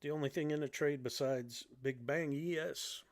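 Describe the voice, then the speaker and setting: A man's voice: a little high, measured pace. A man from Illinois hosting a trading livestream, giving loose, joking live commentary. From Illinois, United States.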